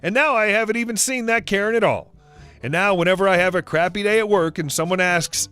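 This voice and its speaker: A man reading an online story aloud in an even, steady manner. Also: high voice, a little fast, clean tone. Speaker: narrator. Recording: soft background music.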